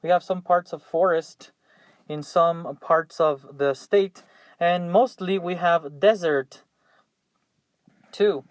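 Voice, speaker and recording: Speaking slowly with long pauses, a young man from Mexico with a fairly high voice drills English vocabulary in class. Patiently, he repeats every word three times for the students, in a dry recording.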